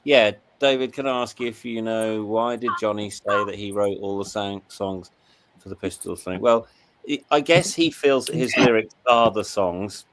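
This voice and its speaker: A man's voice: lowish voice, steady tone, moderate pace, fairly bright tone. A man who reads out chat questions and answers them with long, detailed, rambling explanations. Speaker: co-host reading the chat. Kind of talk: casual chat.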